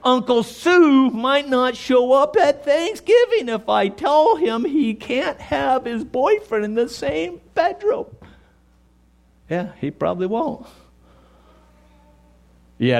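A man's voice: very high-pitched, big pitch swings, slow, creaky, long pauses. A man preaching a sermon, speaking emphatically and addressing the congregation directly, and sometimes acting out quoted voices. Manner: acts out quoted voices in dialogue. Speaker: pastor.

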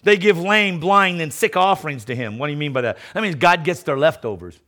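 A middle-aged man preaches a sermon with emphasis, swinging between loud declarations and quiet, mocking asides, and he often repeats words as he restarts. His intonation is lively and his pace a little fast.

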